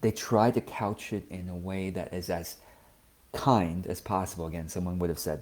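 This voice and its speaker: A man giving a gentle, thoughtful talk as a spiritual teacher, often checking in with the listener. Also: low-pitched, steady tone, normal speed. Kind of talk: reflective personal talk.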